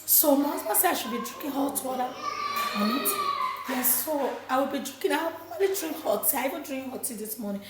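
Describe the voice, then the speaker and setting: A woman and mother with a hoarse voice, chatting casually to camera in her kitchen and laughing often. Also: sits high, animated, fairly quick, echoey room, very noisy. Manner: chatty, laughing, addresses viewers as guys. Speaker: vlogger, mother. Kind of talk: casual vlog chat to camera. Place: home kitchen.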